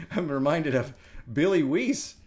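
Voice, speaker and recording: A middle-aged man from the United States hosting a casual wellness talk, telling stories with animated energy and frequent laughter. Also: fairly high pitch. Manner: animated storytelling, laughs often. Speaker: wellness show host. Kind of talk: casual chat.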